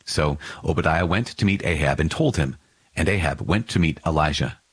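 A man reading scripture aloud in a measured, solemn narration. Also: very deep voice, slightly rough, no room sound. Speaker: scripture reader.

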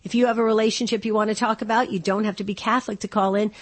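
A middle-aged woman hosting a call-in radio talk show, chatty and slightly hoarse from a cold, often repeating words as she restarts. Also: medium pitch, fairly even intonation, very fast. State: slightly hoarse, under the weather. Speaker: radio talk show host and life coach.

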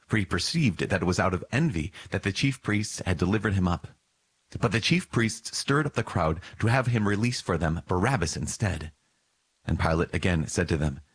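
A man giving a measured, solemn reading of scripture. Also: low-pitched, breathy edge, dry recording. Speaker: scripture reader.

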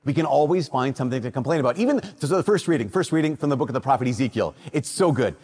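A man's voice: mid-range voice, racing, breathy edge. A man from Minnesota, a priest, reading the Gospel and preaching a casual, conversational homily in a church. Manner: conversational storytelling with lively quoted voices. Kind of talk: sermon. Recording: long church reverb.

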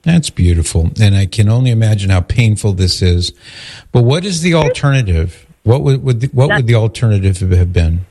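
A man hosting a call-in radio show, calmly steering and summarizing a caller's story. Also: on the low side. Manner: calm, measured, steering the caller. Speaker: radio host.

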